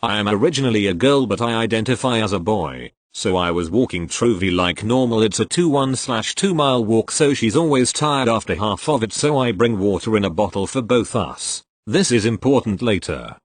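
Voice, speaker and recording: A man with a somewhat low voice reads posts aloud as scripted narration. His delivery stays steady and even from line to line. The sound is dry, with no room around it. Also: moderate pace, few pauses, no echo. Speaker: reader of online posts.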